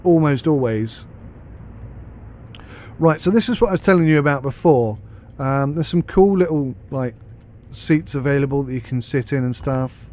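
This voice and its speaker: A man's voice: medium pitch, moderate pace, hardly any pauses, a little mellow. A British man giving a casual, rambling commentary on a train game as he plays, thinking aloud. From United Kingdom. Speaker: game reviewer.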